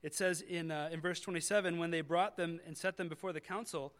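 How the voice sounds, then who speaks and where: A man's voice: on the high side, fairly even intonation, a little fast, a bit bright. A male pastor preaching a conversational sermon, building to emphatic peaks before communion.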